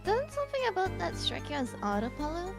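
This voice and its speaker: A woman's voice: extremely high pitch, wildly swooping pitch, fast, creaky, exaggerated voice. A woman voicing a cheeky, teasing young girl in a fan-dubbed courtroom game, with game music behind.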